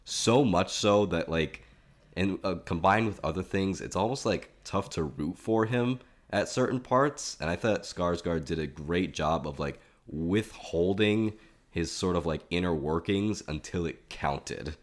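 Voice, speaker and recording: A man with a very low voice talks through a film in casual podcast chat. He is analytical and steers the conversation, weighing each point before moving on. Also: a little slow. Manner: analytical, leading the discussion.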